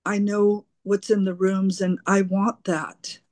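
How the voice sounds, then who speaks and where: A woman speaks slowly and haltingly, repeating her words as she shares her recovery story at a twelve-step meeting. Her tone is earnest and open, and the recording is dry and close with almost no room sound. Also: medium pitch, level tone, a little mellow, no echo.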